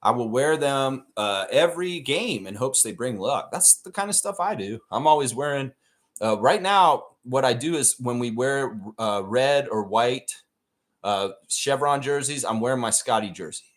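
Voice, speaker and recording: A man's voice: medium pitch, normal speed. A man hosting a live stream, chatting casually and ranting with plenty of swearing. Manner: profane, animated rant reading chat.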